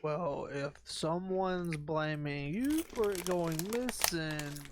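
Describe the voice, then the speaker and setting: Woman player, very low voice, easygoing in-character banter. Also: slow, a little hiss or hum. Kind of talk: playing a character in a tabletop game.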